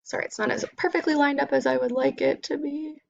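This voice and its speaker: A woman teacher giving a phonics lesson to children, spelling out sounds slowly and clearly. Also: high-pitched, fairly even intonation, dull audio.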